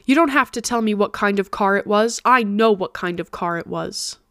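A woman's voice: medium pitch, moderate pace, fairly bright tone, dry recording, natural voice. Woman voicing a distraught man, insistent, audiobook, dry. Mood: desperate. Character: grief-stricken distraught man. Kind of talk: audiobook reading.

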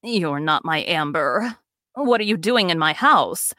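A woman voicing a frail, wary elderly woman in a read-aloud story, lower and slower than her own voice. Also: expressive, bright, forceful tone, dry recording, studio quality, full character voice. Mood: suspicious.

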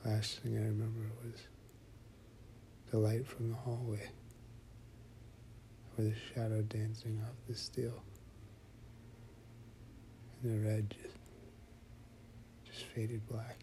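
A man narrating a first-person horror story in a slow, hushed voice that often drops to a whisper. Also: fairly low pitch, monotone, background noise.

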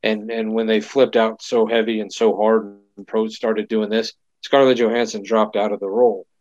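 A man's voice: lowish voice, level tone, normal speed, a little mellow, no room sound. A man co-hosting a casual chat, rambling with lots of fillers and restarts. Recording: dull lo-fi dry sound.

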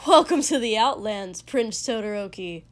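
Storybook: woman reads as a booming, cheerful tall gaunt man, loud and high. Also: animated, normal speed. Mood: jovial. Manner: booming, jovial.

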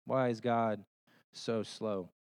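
A man giving a sermon as a pastor. He tells homey stories in an animated way and keeps checking in with rhetorical questions. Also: lowish voice, slow pace, clear, resonant tone, no room sound. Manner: conversational, checks in with listeners through rhetorical questions; animated storytelling with homey illustrations.

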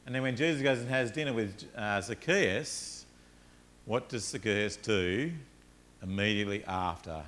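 Animated male preacher. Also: lowish voice, measured pace, a little hiss or hum. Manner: animated storytelling, acts out characters. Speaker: pastor. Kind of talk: sermon.

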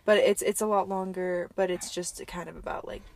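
A woman's voice: on the low side, fairly even intonation, brisk, gravelly, no room sound. A young woman co-hosting a podcast in casual chat, talking loosely with lots of fillers. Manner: chatty, lots of likes and ums. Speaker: podcast co-host.

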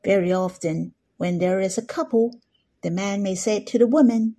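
A woman giving gentle devotional Bible teaching and leading listeners through spoken prayer. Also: medium pitch, normal speed, breathy edge.

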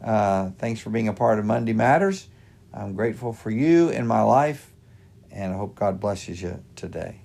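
A middle-aged man hosts a devotional podcast in a low, gravelly voice. He lays out practical advice in numbered points, earnest and plain. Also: animated, normal speed, darkish tone. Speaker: podcast host and pastor.

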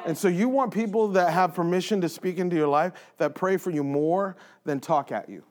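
Earnest high-voiced man leading church talk. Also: a little fast, a little mellow. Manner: earnest, emphatic, repeats phrases for stress. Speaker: church leader. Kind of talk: casual faith talk.

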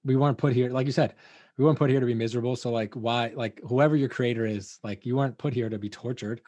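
A man's voice: medium pitch, fairly even intonation, quick pace, a little mellow, dry recording. Casting: man podcast host, rambling and hesitant, dry close sound. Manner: rambling, hesitant, many fillers. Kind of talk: casual chat.

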